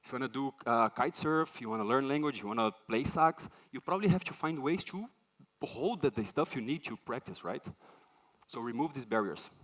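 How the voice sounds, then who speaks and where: A man speaks at a conference in a brisk, mid-range voice. He tells stories with animation, acting out the voices of the people and things he quotes.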